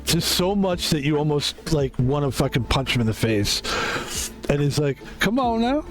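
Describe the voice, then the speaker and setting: A man's voice: a little high, lively intonation, normal speed, soft background music. A man streaming a video game, chatting in a loose, joking way and swearing freely. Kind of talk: casual gameplay commentary.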